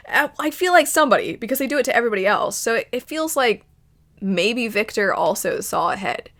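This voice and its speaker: A woman hosting her channel, giving a casual review commentary as she thinks aloud in a chatty way, with quick laughs. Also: a little high, sing-song, a bit bright. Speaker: channel host reviewing a series.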